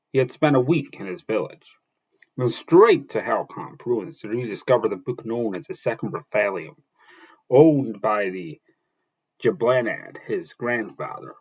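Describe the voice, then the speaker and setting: A man reads a fantasy novel aloud with a husky, slightly breathy voice. His pitch rises and falls freely as he narrates, and he stumbles and restarts over words now and then. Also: rough recording. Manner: halting reading with restarts and slips.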